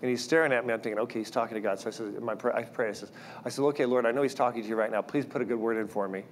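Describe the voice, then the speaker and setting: A man preaching a sermon in a middle pitch, telling personal stories with lively energy. He acts out the voices of the people he quotes, and a faint hiss runs under his words. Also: racing. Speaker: guest speaker.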